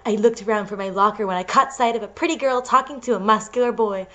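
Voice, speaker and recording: A young woman reader and co-host gives a comedic dramatic reading of a story with commentary, talking fast in a medium-pitched, fairly bright voice and breaking off into giggly asides.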